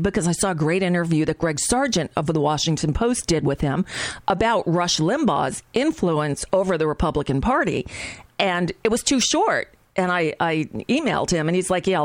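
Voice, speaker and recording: A woman's voice: lowish voice, dry recording. Chatty, sardonic woman talk show host. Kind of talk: political talk show monologue.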